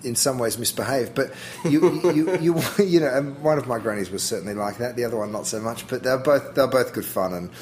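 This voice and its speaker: Australian man, middle-aged, mid-pitched voice, chatty interview guest, faint hiss behind. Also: a little fast, few pauses, poor audio. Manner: relaxed, chatty, self-interrupting with fillers. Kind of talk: casual interview chat.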